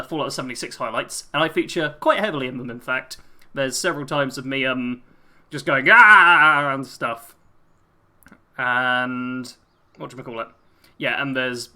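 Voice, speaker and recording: Bright-voiced English man streaming a game. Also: medium pitch. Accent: English, between posh and street. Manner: chatty, reads chat aloud, laughs easily. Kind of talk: live gameplay commentary.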